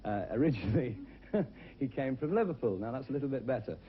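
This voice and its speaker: A man's voice: medium pitch, expressive, brisk, highs cut off, a little hiss or hum. A man hosting a TV talent show, chatty and jokey with fillers, on worn 1970s VHS TV audio.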